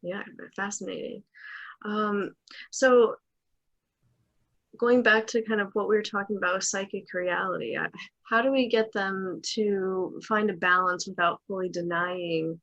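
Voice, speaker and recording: A woman host with a gravelly, creaky voice works through a question, pausing and restarting as she thinks. The audio sounds slightly dull and lo-fi. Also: mid-range voice, steady tone, fairly bright tone. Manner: searching, halting phrasing with fillers. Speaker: podcast host. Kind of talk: interview questions.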